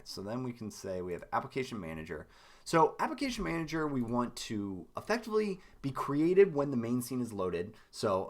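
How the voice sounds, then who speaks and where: A man with a raspy, hoarse voice and lower energy than usual, thinking aloud as he codes through a live stream tutorial, with many ums and restarts. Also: a bit bright. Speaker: game dev streamer.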